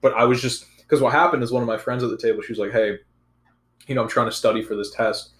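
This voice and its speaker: A man's voice: mid-range voice, fairly even intonation, fast talker, echoey room. A young man telling a story in laid-back casual chat, swearing often.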